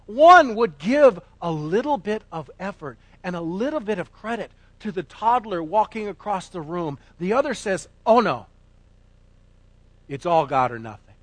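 Emphatic high-voiced male preacher. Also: very animated, normal speed, no room sound. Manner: emphatic, swinging from loud declarations to quiet asides. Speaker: pastor. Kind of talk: sermon.

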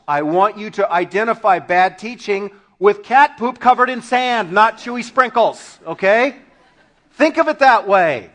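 A man preaching a sermon to his congregation, telling funny stories with sudden shouted punchlines and laughing along. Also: sits high, lively intonation, moderate pace. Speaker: pastor.

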